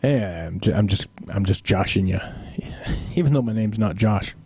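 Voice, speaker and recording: A man's voice: fairly low pitch, expressive, moderate pace, vocal fry, dark tone, husky, no room sound. A middle-aged man hosting a live stream, chatting casually with viewers and telling rambling family stories with chuckles and teasing asides. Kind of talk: casual storytelling to chat.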